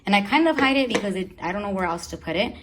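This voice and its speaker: A woman's voice: medium pitch, animated, fast talker, noisy background. A young woman chatting casually through a room tour as a beauty vlogger, rambling and searching for words, a little out of breath. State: a bit out of breath.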